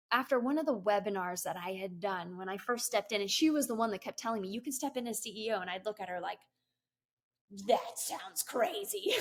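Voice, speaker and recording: A middle-aged woman, a guest on an interview show, telling her story in a casual, giggly way with many fillers and laughs. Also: mid-range voice. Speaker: guest, business coach and CEO.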